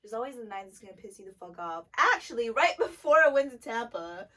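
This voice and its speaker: A young woman co-hosting a casual chat, telling stories animatedly with lots of swearing and loud bursts. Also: a little high, fast talker, recorded from a distance. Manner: animated, profane, loud bursts when retelling anger. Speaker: podcast co-host, dancer.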